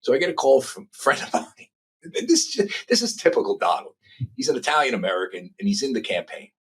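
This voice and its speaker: Give me a husky, animated middle-aged man. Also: medium pitch, brisk. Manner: animated, profane anecdotes with impressions. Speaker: journalist guest. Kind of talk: casual interview storytelling.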